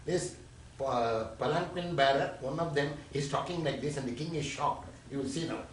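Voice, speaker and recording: A man's voice: fairly high pitch, moderate pace, a little hiss or hum. An older man from India lecturing on scripture to a small private audience, explaining verses and acting out quotes. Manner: explains verses line by line, switching into acted quotes. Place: private home gathering. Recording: echoey room, mic far off.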